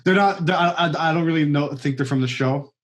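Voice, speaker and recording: Hesitant higher-voiced man chatting. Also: fast. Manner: hesitant, filler-heavy, calls people bro. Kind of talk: casual chat about film.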